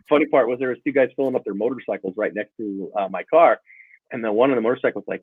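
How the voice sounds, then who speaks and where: A man's voice: mid-range voice, quick pace, dry recording. A middle-aged man telling stories in a casual interview and acting out the dialogue in them. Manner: animated, acts out dialogue in stories. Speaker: self-defense channel guest. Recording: tinny phone-like line, dry.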